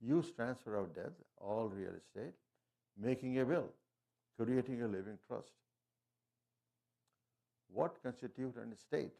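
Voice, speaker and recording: Talking through slides about wills and estate planning, this man has a medium-pitched, expressive voice with vocal fry and a warm tone. He speaks haltingly, restarting often and leaning on fillers, and his phrasing sounds non-native. It's a casual presentation.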